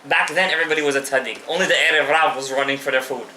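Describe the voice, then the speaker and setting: A man's voice: fairly high pitch, fairly even intonation, very fast, pushed and bright, reverberant, slight background noise, rough recording. A male rabbi giving a live Torah class, passionately addressing his listeners directly and mixing in Hebrew terms.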